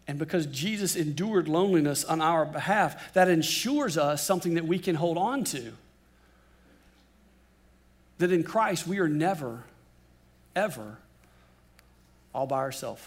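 A man preaching a sermon, swinging between emphatic lines and hushed, drawn-out words for effect. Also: a little high. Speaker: pastor.

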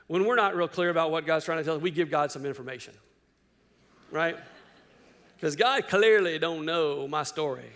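A man preaching a sermon, firing rhetorical questions at his listeners and swinging between loud emphasis and hushed lines. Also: a little high. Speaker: pastor.

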